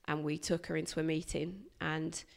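A woman, a guest recounting a hard workplace experience in a candid, animated way. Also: low-pitched, moderate pace, vocal fry. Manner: animated, emphatic retelling with bursts of loudness. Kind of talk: candid personal storytelling.

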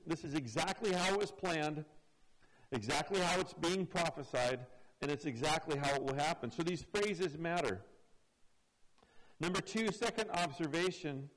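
A man with a somewhat high voice preaching a teaching sermon. He explains each point patiently and often doubles his words as he restarts a phrase. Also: fairly bright tone, rough recording. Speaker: pastor.

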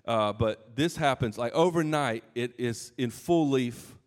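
A man's voice: medium pitch, a little slow. A man preaching a sermon in a casual, conversational way, with asides and restarts. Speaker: pastor.

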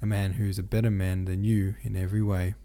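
A man's voice: low-pitched, level tone, brisk. Man reading as scornful haughty noblewoman. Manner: scornful, sharp-tongued.

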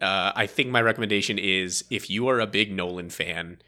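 A man co-hosting a podcast, chatting casually about a film in a rambling, animated way and laughing often. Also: sits low, brisk. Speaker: podcast co-host. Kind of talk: casual movie review chat.

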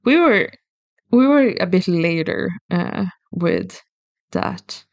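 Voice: medium pitch, huge pitch swings, slow pace, gravelly, no room sound, highs cut off. A co-host talks through a subject on a podcast, thoughtful and methodical, often restarting a phrase. The voice sits in a middle register. The recording is dry with no room sound. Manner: thoughtful, explains step by step with restarts. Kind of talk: casual explanatory podcast chat.

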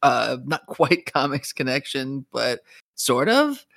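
A man's voice: mid-range voice, sing-song, slow pace, gravelly, fairly bright tone, no room sound. A man co-hosting a podcast, talking in a rambling, enthusiastic way with laughs. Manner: rambling, enthusiastic, many fillers and restarts, laughs. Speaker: podcast co-host. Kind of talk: casual chat.

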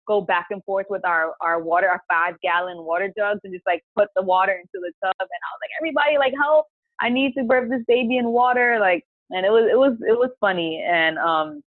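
A woman's voice: fairly low pitch, no room sound. Woman on a tinny phone line. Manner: chatty, heavy use of "like", retells her own past words aloud. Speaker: podcast guest. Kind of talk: casual personal storytelling.

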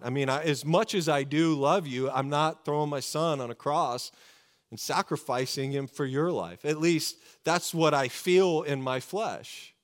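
A man preaching a sermon to his congregation, earnest and fervent, slowing down to stress key words. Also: a little high. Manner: earnest, fervent preaching with slow emphatic pauses. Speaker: pastor.

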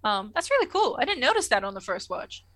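A woman chatting casually about a TV episode, animated and swearing freely. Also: a little high, fast, no echo. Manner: animated, swears freely, acts out characters in quotes. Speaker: podcast co-host. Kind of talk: casual chat recapping a TV episode.

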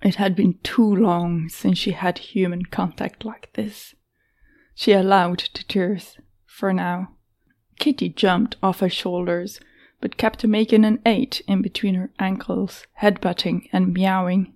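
Slow, mellow woman narrating a story. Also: mid-range voice, fairly even intonation. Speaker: audiobook narrator. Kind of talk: scripted narration.

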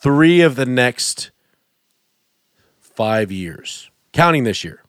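A man's voice: mid-range voice, very animated, extremely slow, a bit bright, clear, resonant tone, no room sound. A man hosting a casual sports podcast, rambling and joking, often trailing off and restarting. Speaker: podcast host. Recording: dry podcast mic.

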